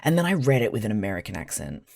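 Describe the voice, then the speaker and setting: A man's voice: lowish voice, big pitch swings, very fast, creaky, a little mellow, no echo. An Australian man who streams live, talking casually and chattily to his chat while he crafts, rambling a little, laughing often and swearing freely.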